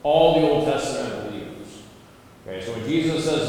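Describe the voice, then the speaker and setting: Male pastor, mid-pitched, conversational Bible study teaching; distant mic in a reverberant hall. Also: moderate pace, darkish tone, a little hiss or hum. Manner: conversational, emphatic, frequent "okay" and "right". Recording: echoey room, voice from a distance.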